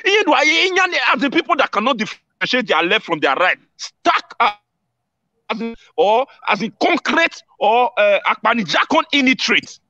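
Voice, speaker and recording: A man's voice: high-pitched, expressive, brisk, pushed and bright, no echo, muffled recording. A man with a Nigerian accent talking animatedly, mixing English with local words. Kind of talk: casual Nigerian Pidgin live chat.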